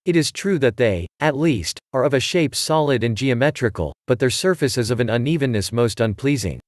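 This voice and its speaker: A man voicing a fussy, fastidious middle-aged male detective who complains in precise, formal phrasing. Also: mid-range voice, lively intonation, dry recording, clean studio sound, close to an everyday voice.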